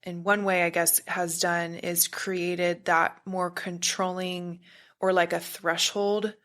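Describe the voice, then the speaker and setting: Slow and flat in delivery, this fairly low-pitched, somewhat bright woman is a spiritual practitioner guesting on a podcast. Her casual talk wanders and searches, and now and then she makes a buzzing sound to show what she means.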